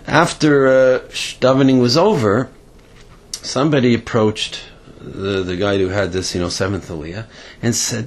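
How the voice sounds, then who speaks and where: A man, casually telling a story with halting restarts and a voice that jumps high on quoted lines. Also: sing-song, creaky, breathy edge.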